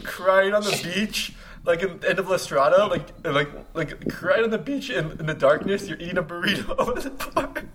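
Wry high-voiced man, faint noise. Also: expressive, normal speed, few pauses, a bit bright. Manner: wry, laughing asides. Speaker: conversation partner. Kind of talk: casual chat.

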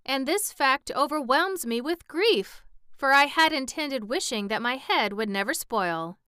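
A fretful, anxious pumpkin-headed man from a storybook, voiced by a woman. The voice is plaintive and raised, very smooth and clear, in a dry recording. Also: a little high, lively intonation, normal speed, pushed and bright, no room sound, voice pushed up. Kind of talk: audiobook reading.

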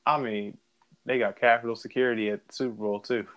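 A man's voice: fairly low pitch, steady tone, brisk, fairly bright tone. Laid-back slangy man chatting. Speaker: podcast co-host. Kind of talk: casual chat.

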